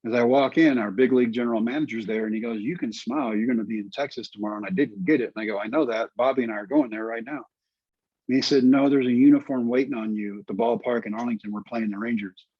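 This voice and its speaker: A middle-aged man telling his story as an interview guest, lively and quoting others in voices. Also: mid-range voice, quick pace, husky, no room sound, muffled recording. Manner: animated storyteller, quotes people in voices. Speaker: guest, former pitcher.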